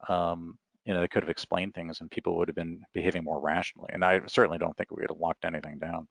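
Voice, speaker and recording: A middle-aged man speaking as an author guest in a relaxed, rambling interview chat. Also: low-pitched, fast, creaky, no echo. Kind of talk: casual interview talk.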